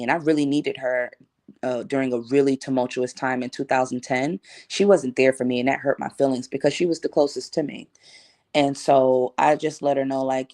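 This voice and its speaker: Animated woman telling a storytime. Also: low voice, a little fast, no room sound, clean studio sound. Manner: animated, acts out her own past lines; relaxed slangy conversational delivery. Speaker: vlogger. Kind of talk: casual storytime.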